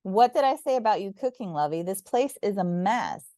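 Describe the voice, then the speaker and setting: A woman's voice: mid-range voice, expressive, moderate pace, dark tone, dry recording, studio quality, close to an everyday voice. A woman playing a bossy big sister. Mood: exasperated. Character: bossy older sister, easily flustered. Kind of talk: storybook reading.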